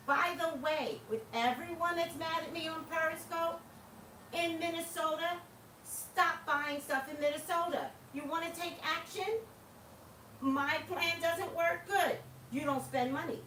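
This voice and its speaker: A woman's voice: very high-pitched, measured pace, bright, forceful tone, echoey room, distant mic, slight background noise, poor audio. A woman hosting a livestream, talking casually and passionately to her viewers, laughing often. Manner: impassioned, preachy, laughs often. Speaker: livestream host.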